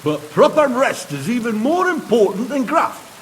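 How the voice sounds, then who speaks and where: A cheerful miner, easygoing and full of slang. His voice is high and lively, with much rise and fall. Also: normal speed, slight background noise. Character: chatty, cheerful male miner, middle-aged.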